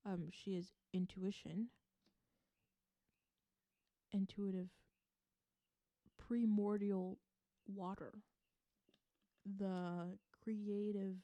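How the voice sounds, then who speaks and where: Slow, mellow-voiced woman reading tarot. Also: medium pitch, no echo. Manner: slow and musing, with many fillers and soft asides. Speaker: tarot reader.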